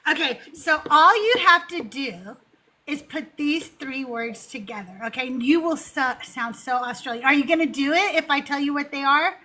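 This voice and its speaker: A woman with a high, bright voice hosting a casual online Q&A. She is bubbly and playful, quick to tease and giggle, talking over a video call. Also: lively intonation. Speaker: host.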